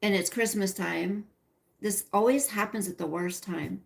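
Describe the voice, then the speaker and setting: A woman's voice: medium pitch, unhurried, vocal fry. A middle-aged woman hosting a casual livestream, rambling and chatty as she talks to viewers by name and reads their comments. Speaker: livestream host.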